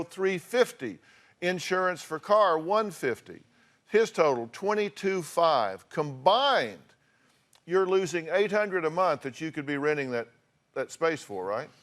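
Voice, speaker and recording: A man's voice: on the high side, fairly bright tone. An older man with a Southern American accent hosting a talk show, bluntly scolding guests and reading out costs. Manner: blunt, scolding, reads out figures. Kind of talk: confrontational talk show advice.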